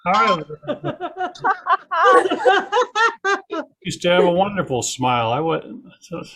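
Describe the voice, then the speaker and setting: Man, older, deadpan stand-up comic, dry self-deprecating, slightly high voice. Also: drawn-out words. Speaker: stand-up comedian. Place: home over a video call. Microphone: video call.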